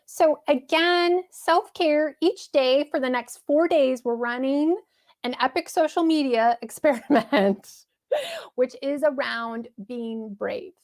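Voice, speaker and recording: Woman hosting a live stream, chatty and upbeat, kinda high voice, laughs a lot. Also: takes it slowly. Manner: chatty, upbeat, laughs often, reads chat aloud. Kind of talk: casual live-stream pep talk.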